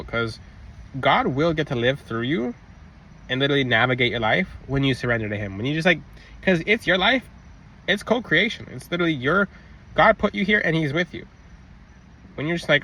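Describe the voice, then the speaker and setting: Bright-voiced young man rambling casually. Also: mid-range voice, lively intonation, normal speed, pauses often, poor audio. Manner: rambling, loose, full of fillers and restarts. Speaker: vlogger. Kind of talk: casual spiritual vlog talk.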